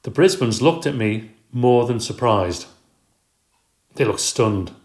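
A man reading a children's book aloud in a steady, expressive way. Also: medium pitch, slow pace. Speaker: storyteller. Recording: roomy echo.

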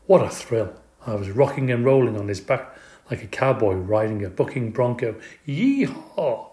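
A man narrating a children's storybook in an expressive, playful way. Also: lowish voice, normal speed. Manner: expressive, playful, does character voices. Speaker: audiobook reader. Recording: echoey room.

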